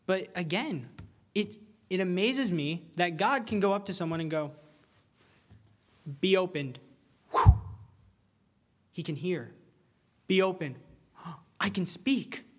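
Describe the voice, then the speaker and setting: A young man preaching with earnest, animated energy, his voice sitting a little high for a man. He stumbles and repeats words when something excites him, then slows right down to press a point home. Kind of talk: sermon.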